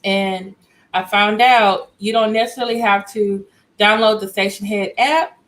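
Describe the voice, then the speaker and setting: A woman's voice: mid-range voice, fairly even intonation, a little slow, fairly bright tone, poor audio. A woman hosting a casual livestream from home, chatty and greeting viewers by name as they join. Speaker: livestream host.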